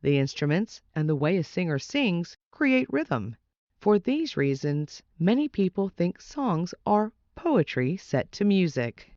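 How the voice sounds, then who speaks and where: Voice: medium pitch, sing-song, unhurried, a little mellow, no echo, dull audio. A reader steadily reading a children's nonfiction book aloud.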